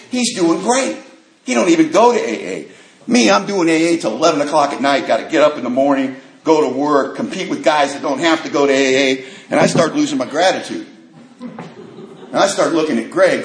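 A man sharing his recovery story at a meeting, a vivid storyteller with casual street grammar who acts out the voices of others and drops to a hush in tense moments. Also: a little high. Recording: echoey room.

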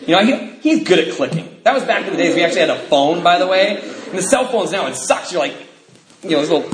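Animated man telling a recovery story. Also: fairly high pitch. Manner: animated, acts out quoted dialogue, laughs often. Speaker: speaker sharing his recovery story. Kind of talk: storytelling talk to a recovery meeting. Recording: echoey room, faint noise.

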